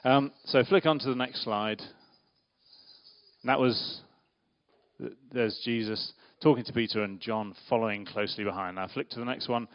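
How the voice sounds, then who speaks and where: A man's voice: medium pitch, a little slow. A man giving an interactive church talk, playfully questioning the audience and directing a volunteer. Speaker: preacher giving a children's talk. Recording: dull lo-fi sound.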